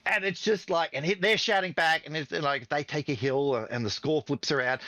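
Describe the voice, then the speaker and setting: Man, middle-aged, podcast guest, very lively pitch, dry close sound, swearing, fired-up chat. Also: moderate pace, hardly any pauses, no echo. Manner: animated, profane, fired-up storytelling. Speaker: podcast guest, esports team CEO.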